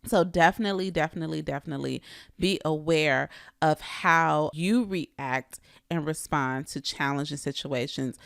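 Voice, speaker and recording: A woman coach talks straight to her audience in a low voice. Her tone has a gravelly edge, and the sound is dry, with no room echo. She keeps asking her listeners direct questions. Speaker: real estate coach. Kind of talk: coaching talk to agents.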